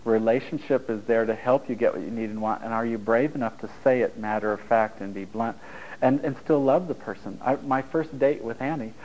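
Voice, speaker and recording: A man's voice: medium pitch, steady tone, a little fast, a little mellow, muffled recording. A man giving a blunt, storytelling talk to a live audience, acting out dialogue as he goes, over a radio broadcast. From United States. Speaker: relationship speaker.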